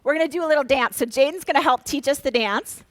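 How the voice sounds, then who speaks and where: A woman from Minnesota giving a lively motivational talk, coaching her audience and calling out to them. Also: high-pitched, fast. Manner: energetic, coaxing, leads the crowd in call-and-response; drops to a hushed, soft voice for a quiet exercise. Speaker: speaker.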